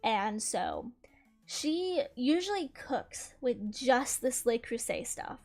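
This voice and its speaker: A woman's voice: fairly high pitch, very animated, slow pace, darkish tone, soft background music. A young woman with a Southern US accent, chatting casually as a channel host and rambling through a story with lots of "like" fillers. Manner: rambling, heavy use of "like" fillers.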